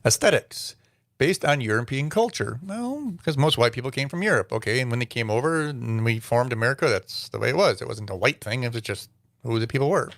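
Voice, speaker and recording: A man's voice: mid-range voice, lively intonation, fairly quick, fairly bright tone, no room sound, studio quality. A man hosting his own commentary vlog, reading text aloud and answering it with sarcastic, incredulous asides. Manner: sarcastic, incredulous asides between read-out quotes. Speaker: show host.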